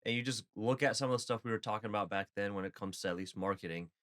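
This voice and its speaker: A man's voice: on the low side, very fast, a bit bright. A man co-hosting a casual podcast, talking loosely and steering the chat with questions. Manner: conversational, leads the topic with questions. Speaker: podcast co-host.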